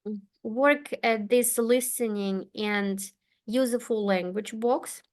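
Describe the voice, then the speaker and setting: A woman teaching an English lesson, speaking patiently and clearly. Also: a little high. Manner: patient, slow and clear, with frequent okays. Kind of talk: online one-to-one English lesson.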